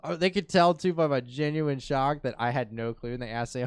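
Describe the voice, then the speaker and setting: A man in a casual podcast chat with an average-pitched voice, recorded dry and close. He tells stories with energy, acting out the people in them. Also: a little fast, hardly any pauses, smooth, dry recording. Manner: animated storyteller, acts out his own lines. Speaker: podcast guest.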